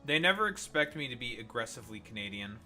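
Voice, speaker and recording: A man's voice: mid-range voice, big pitch swings, fast, pushed and bright, soft background music. A man streaming in casual chat, teasing and swearing freely. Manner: crude, teasing, swears a lot.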